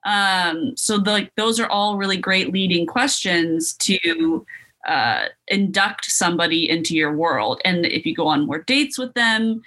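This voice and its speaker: Bright-voiced woman giving friendly advice. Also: fairly low pitch, animated, rough recording. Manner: easygoing advice-giving, quick asides. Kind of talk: casual podcast chat.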